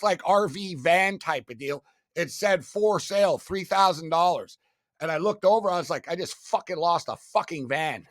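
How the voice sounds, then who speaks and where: A man guesting on an interview, telling stories in a casual, animated, profane way, swinging between loud and soft. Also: high voice, no room sound, clean studio sound. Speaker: guest, sports betting media host.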